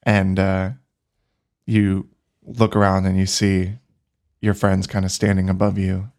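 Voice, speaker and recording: A man narrating as game master in a casual, halting way with many fillers. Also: low-pitched, monotone, a little mellow.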